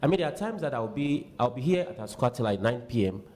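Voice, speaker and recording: Fast-talking Ghanaian man, heartfelt. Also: mid-range voice. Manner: fast, heartfelt, animated storytelling. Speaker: radio show guest. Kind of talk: candid radio talk. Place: radio studio.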